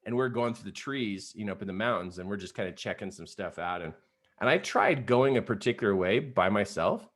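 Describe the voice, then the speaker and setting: A middle-aged man giving an energetic, conversational coaching talk, tossing in "you know" and "right?" as he speaks to an online group. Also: fairly low pitch, fairly quick. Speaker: motivational trainer.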